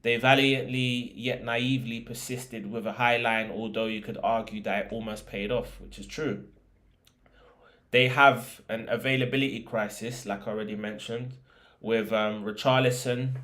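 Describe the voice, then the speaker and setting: Chatty lad talking football. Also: male voice, medium pitch, fairly bright tone. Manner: chatty, slangy, with fillers and restarts. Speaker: football podcast host. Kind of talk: casual football chat and predictions.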